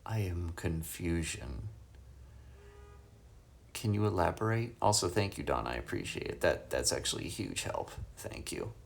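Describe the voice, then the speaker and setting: A man's voice: low-pitched, very animated, brisk, gravelly, hardly any pauses. A man livestreaming from a hotel room on his phone, casually chatting and reading viewers' questions aloud with frequent chuckles. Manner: laid-back, reads chat questions aloud and chuckles often.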